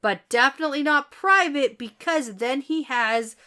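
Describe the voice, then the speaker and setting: A woman's voice: high voice, normal speed, sharp tone. A woman co-hosting a podcast, chatting casually about a novel, recapping the plot and laughing easily. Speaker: podcast co-host. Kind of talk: casual book-discussion chat.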